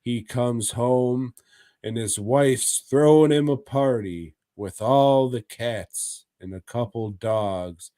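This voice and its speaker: A man with a warm mid-range voice takes his time co-hosting a podcast. Chatting casually, he recaps horror anthology episodes with crude jokes and frequent laughter, in studio-quality sound with no echo.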